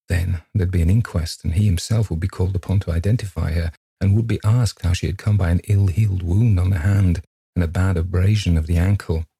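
A man narrating a ghost story in a measured, grave manner. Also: sits low, steady tone, vocal fry, mellow, slightly rough, dry recording. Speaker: audiobook narrator.

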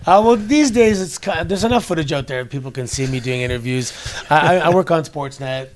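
Guest interview voice: man in his forties, from Canada, a bit high-pitched, rambling anecdotes. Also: expressive, a little fast. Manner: chatty storyteller with many restarts. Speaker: guest, former wrestler. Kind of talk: casual interview chat. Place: wrestling convention in New York.

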